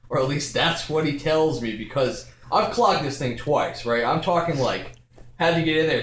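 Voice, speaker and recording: Young man, comic storyteller, high lively voice, echoey room. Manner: animated, escalating, acts out quotes with shouts and laughter. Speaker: vlogger telling a story.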